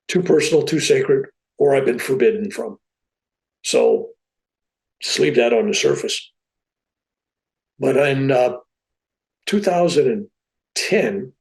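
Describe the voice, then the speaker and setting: Male podcast guest, mid-pitched with a gravelly rasp, relaxed and animated storyteller. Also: rough recording. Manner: animated, with a relaxed plain-spoken delivery. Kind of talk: casual spoken storytelling.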